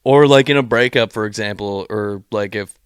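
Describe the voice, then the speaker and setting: A man's voice: lowish voice, moderate pace, clean tone, dry recording. Young guy on a podcast rambling thru a sweary story, doing everybody's lines, dry close mic. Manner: profane, animated storyteller acting out quotes. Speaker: podcast co-host. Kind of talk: casual chat, long-winded storytelling.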